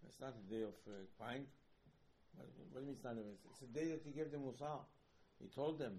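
A man giving an informal Torah talk as a rabbi, animated, repeating himself and acting out quoted lines, with non-native phrasing. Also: mid-range voice, fast talker, rough recording. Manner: animated, repeats words, acts out quoted dialogue.

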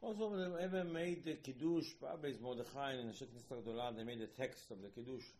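A man giving an informal Torah talk as a rabbi, animated, repeating himself and acting out quoted lines, with non-native phrasing. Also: medium pitch, fast, rough recording. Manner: animated, repeats words, acts out quoted dialogue.

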